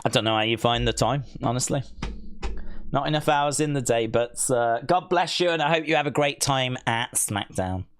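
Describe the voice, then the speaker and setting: A man hosting a live stream, reading viewer comments aloud in casual, playful chat and teasing them, often leaping into a high mock-outraged voice. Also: moderate pace, smooth. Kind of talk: casual watch-along chat.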